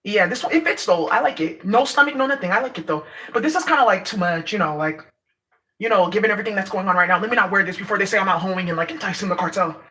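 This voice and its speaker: A woman's voice: medium pitch, fast talker, sharp tone. A woman from Nigeria, ranting casually to her viewers, brash and profane, laughing as she talks. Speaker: vlogger. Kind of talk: casual rant to camera.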